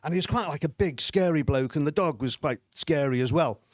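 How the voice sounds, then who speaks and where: A man's voice: on the high side, a little fast, no room sound. A middle-aged man telling stand-up stories on a comedy club stage, with a dry, self-deprecating delivery and frequent chuckles. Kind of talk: stand-up storytelling.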